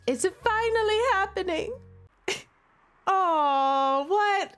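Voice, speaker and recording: A woman streamer reads a romance game slowly and lingers over the lines. Her fairly high voice swings up and down as she breaks off into playful, dramatic overreactions. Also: expressive, faint music behind. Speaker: gaming streamer. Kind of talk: reading game text aloud with playful commentary.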